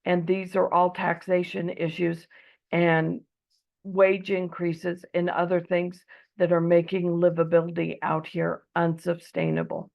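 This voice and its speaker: Husky-voiced woman from Eastern Oregon. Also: lowish voice, measured pace, lo-fi sound. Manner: earnest, with frequent ums. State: losing her voice. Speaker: debate speaker. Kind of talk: prepared debate speech.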